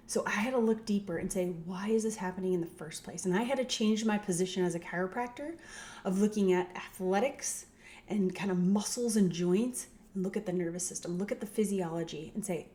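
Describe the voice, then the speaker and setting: Casual middle-aged woman chiropractor, chatty explainer with tag questions, medium pitch. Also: a little fast, dark tone. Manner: conversational, tag questions, acts out quoted voices. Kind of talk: casual educational talk.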